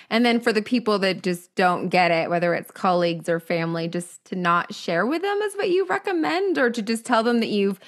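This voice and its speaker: A woman's voice: mid-range voice, a bit bright. Affirming woman podcast host. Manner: affirming, asks long rambling questions. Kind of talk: interview questions.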